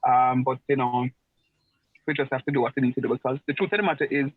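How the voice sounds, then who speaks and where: A man's voice: mid-range voice, steady tone, fast talker, breathy edge, dry recording. Man lecturing on a muffled video call. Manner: chatty, repeats phrases for emphasis. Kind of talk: online class lecture.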